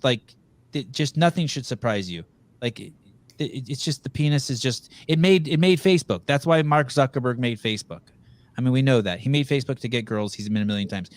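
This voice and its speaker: A man's voice: mid-range voice, dry recording. A man hosting a podcast, talking over a video call in a blunt, profane, rambling way. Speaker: podcast host. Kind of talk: casual interview chat.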